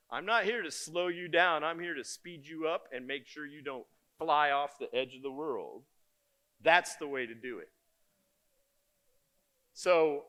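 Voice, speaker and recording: An older man giving a conference keynote, telling stories in a lively, joking and blunt way. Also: fairly high pitch. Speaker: keynote speaker. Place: conference stage before an audience.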